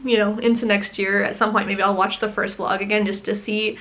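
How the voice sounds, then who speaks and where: A woman running a small business, chatting casually in a vlog, gushing and excitable with lots of fillers, teary and emotional. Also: medium pitch, a little fast, low-quality recording. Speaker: small business owner vlogging.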